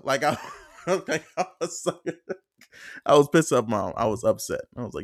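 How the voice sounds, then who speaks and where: A man's voice: medium pitch, expressive, normal speed, pauses often, no room sound, studio quality. A man hosting a solo podcast, telling a story in a casual, profane, rambling way with lots of fillers and acted-out quotes. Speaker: podcast host.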